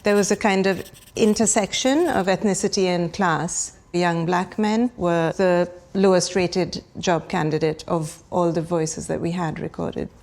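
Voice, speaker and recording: A woman, an academic researcher, explaining findings in an interview in a calm, reassuring way. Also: on the low side, a little slow.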